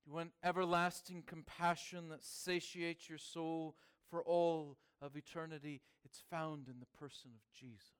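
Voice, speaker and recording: Clear-voiced man preaching with swings. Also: fairly high pitch, flat delivery, unhurried, few pauses. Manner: preaching with wide swings between hushed and emphatic. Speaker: pastor. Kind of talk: sermon.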